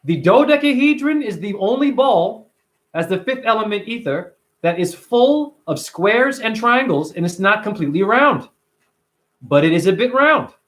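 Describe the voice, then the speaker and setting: A man talking straight to camera in a casual vlog, emphatic and animated, swearing now and then. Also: high voice, moderate pace. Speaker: vlogger.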